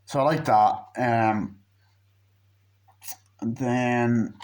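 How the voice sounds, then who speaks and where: A man's voice: medium pitch, steady tone, extremely slow, a little mellow. Profane, rambling male movie reviewer. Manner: profane, rambling retelling full of "like" and acted quotes. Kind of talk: casual film plot recap.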